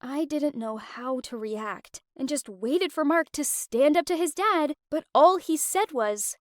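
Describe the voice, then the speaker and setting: A woman narrating an animated first-person story in an emotive, expressive way. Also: high voice, unhurried, no echo, studio quality. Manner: emotive, with wide swings of expression.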